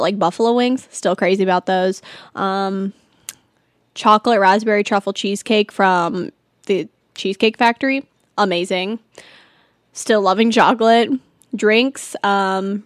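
A woman's voice: medium pitch, dry recording, clean studio sound. A teenage girl from California hosting a casual solo chat show, bubbly and rambling with lots of giggles and "like". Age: teens. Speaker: host.

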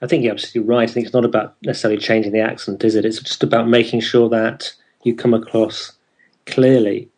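A man's voice: medium pitch, flat delivery, fast, a little mellow. A man from the north of England hosting an interview, asking curious, chatty questions. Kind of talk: conversational interview.

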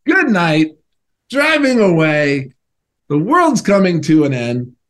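A man, a former professional athlete, earnestly telling a personal story as a podcast guest, halting at times and acting out remembered conversations. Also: on the high side, wildly swooping pitch. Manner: earnest, halting, acts out remembered phone calls.

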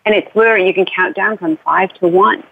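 A woman's voice: medium pitch, quick pace, creaky. Woman talking over a tinny phone line. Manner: earnest, rambling with restarts and light laughs. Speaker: author guest. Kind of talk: casual interview talk.

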